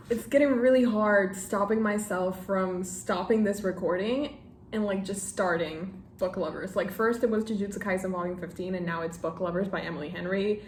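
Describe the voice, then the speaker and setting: A woman's voice: medium pitch, normal speed, slight background noise. Gushing, emotional young woman vlogger. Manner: gushing, emotional, laughs and teary outbursts. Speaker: book vlogger. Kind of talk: chatty reading vlog, opening gifts. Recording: echoey room with faint ambience.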